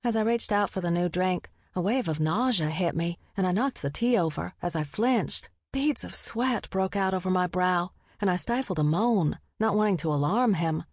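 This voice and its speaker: Low-voiced woman narrating wryly. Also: animated, normal speed, few pauses, no room sound, studio quality. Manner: wry, conversational storytelling. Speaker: audiobook narrator. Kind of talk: scripted first-person narration.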